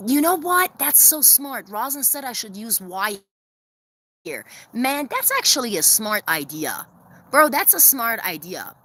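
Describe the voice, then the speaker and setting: Lively, bright-voiced woman vlogging outdoors. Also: measured pace. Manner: chatty, gives viewers shout-outs, laughs often; calls to her hens in a very high sing-song voice. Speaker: vlogger hosting a livestream premiere. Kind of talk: casual livestream chat. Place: outdoors in a backyard by the chicken coop.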